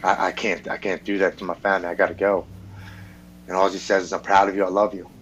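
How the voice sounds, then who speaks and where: A man with a fairly low voice tells his personal story frankly on a podcast. He swears freely and acts out what the other people in his story said. A faint hum sits under the recording. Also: level tone, fast talker, a bit bright, lo-fi sound. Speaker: podcast guest.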